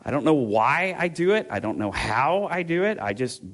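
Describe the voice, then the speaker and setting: A slightly high, fairly bright male voice swings widely in pitch as this pastor talks at a moderate pace. His casual sermon rambles through personal stories with fillers, restarts, and self-interruptions before moving to scripture.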